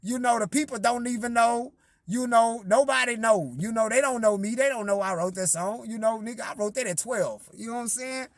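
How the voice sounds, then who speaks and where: A man's voice: very high voice, brisk, dry recording. Guy rambling through a story, cussing a lot, lots of um and you know, dry close sound. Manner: rambling, profane, lots of fillers and repetition. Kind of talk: casual storytelling monologue.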